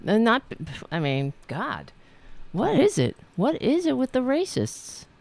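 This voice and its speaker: A woman's voice: on the high side, huge pitch swings, takes it slowly, creaky, darkish tone. A woman host ranting about politics, sarcastic and profane, mocking commenters. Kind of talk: angry political rant.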